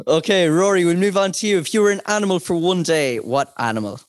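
A man with an Irish accent hosting, asking quick questions and coaxing people with jokes. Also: sits high. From Ireland. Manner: jokey, coaxing. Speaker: host. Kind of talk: street interviews and casual chat.

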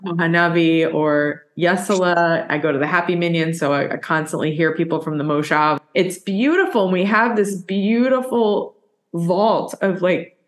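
Emotional woman host with a lower voice. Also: moderate pace. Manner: emotional, effusive, speaks openly about faith. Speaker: podcast host. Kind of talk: conversational podcast interview.

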